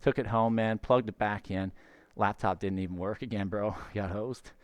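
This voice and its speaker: A man's voice: fairly low pitch, fairly even intonation, moderate pace, smooth, no echo, lightly acted. A man voicing a laid-back young Californian stoner in a put-on accent, drawling and saying "dude" constantly.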